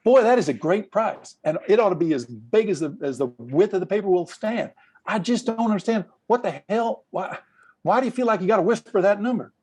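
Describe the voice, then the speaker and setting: A man's voice: sits high, expressive, a little fast, darkish tone, husky, pitched above the performer's own voice. A man voicing a blunt, wealthy car dealer who complains in a brash, indignant way.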